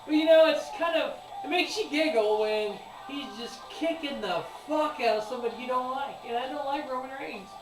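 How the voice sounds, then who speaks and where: A man hosting his own sports show, reviewing a wrestling event in a rambling, excitable, profane way. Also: extremely high pitch, moderate pace, few pauses. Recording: echoey room, distant mic, music behind.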